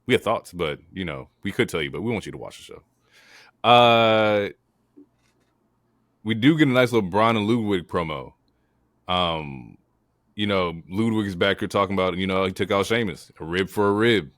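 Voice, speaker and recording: A man's voice: low voice, lively intonation, normal speed, long pauses, fairly bright tone, no room sound, clean studio sound. A man co-hosting a wrestling podcast, joking and slangy in casual chat. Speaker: podcast co-host.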